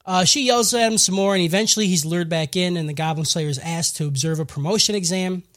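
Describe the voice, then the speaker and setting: A man's voice: sits high, fast. A man hosting a podcast, recapping an anime episode in a casual, profane, joking way. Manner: profane, joking, animated storyteller. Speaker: podcast host.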